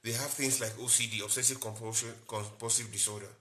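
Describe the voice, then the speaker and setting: A man's voice: medium pitch, steady tone, fast, bright, forceful tone. A man, a doctor hosting a live-stream health talk, explaining in short repeated phrases and greeting viewers by name.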